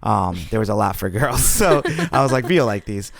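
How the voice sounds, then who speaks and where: A man's voice: on the low side, animated, moderate pace, creaky, a loud crowd. A man co-hosting a podcast in casual chat, laid-back and filler-heavy. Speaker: podcast co-host.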